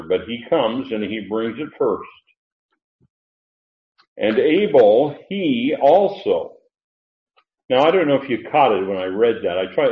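A man preaching a sermon, explaining a Bible passage verse by verse in an unhurried, digressive way with many fillers. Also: on the low side. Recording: roomy, muffled.

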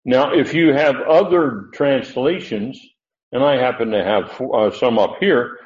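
A man's voice: medium pitch, unhurried, darkish tone. A man teaching scripture in a loose, conversational way, drifting and backing up to correct himself as he goes. His voice sits in a middling register. The recording is muffled and lo-fi, with a strong room echo around him. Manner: rambling, self-correcting, thinks aloud. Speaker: Bible teacher. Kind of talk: informal Bible teaching. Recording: echoey, dull lo-fi room recording.

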